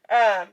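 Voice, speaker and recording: A woman vlogger and spiritual reader talking candidly and tearfully to her viewers, swearing freely and laughing often. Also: lo-fi sound. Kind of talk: casual heartfelt livestream talk. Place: in her van in bright sunlight.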